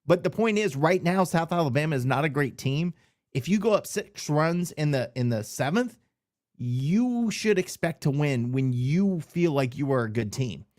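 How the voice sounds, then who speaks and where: A man's voice: fairly high pitch, lively intonation, moderate pace, darkish tone. A man co-hosting a sports podcast, giving blunt, opinionated takes in casual chat. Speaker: podcast co-host.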